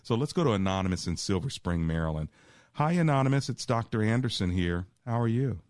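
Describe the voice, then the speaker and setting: A middle-aged man hosting a call-in radio show as a pastor, teaching scripture with a preacher's cadence that slows for quoted verses. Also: lowish voice, expressive, a little mellow, dry recording, clean studio sound. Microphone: studio microphone.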